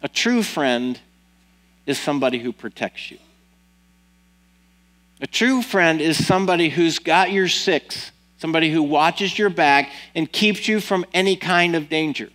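A man's voice: on the high side, a little slow, fairly bright tone, rough recording. A male pastor preaching a sermon, retelling a story with casual asides to the congregation. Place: church.

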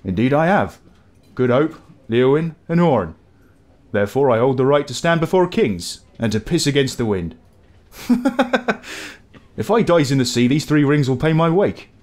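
A man voicing a grizzled old sailor in a game tavern, with a put-on West Country accent and a gruff, brooding way of telling tales. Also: medium pitch, sing-song, normal speed, long pauses, a little mellow, lightly acted. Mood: proud. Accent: West Country English, put on.

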